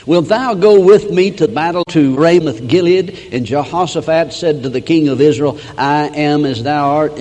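A man preaching a sermon, reading old scripture verses aloud and breaking in with plain explanations, rising and slowing down for emphasis. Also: fairly high pitch, darkish tone, in a large hall. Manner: reads King James verses, then breaks in with plain asides; rises and slows for emphasis, acts out quoted voices.

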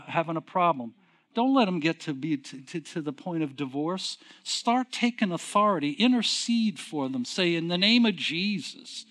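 A middle-aged man preaching a sermon in a conversational way, asking the congregation questions and swinging from quiet, low passages to emphatic, raised ones.

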